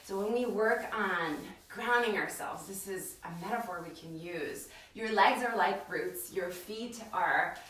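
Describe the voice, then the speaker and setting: A woman leads a yoga class streamed live from her home studio. She talks in a gentle, chatty way with plenty of fillers. Her bright voice rings around a very echoey room, heard from a step away from the mic. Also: mid-range voice, unhurried, few pauses, distant mic. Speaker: yoga teacher.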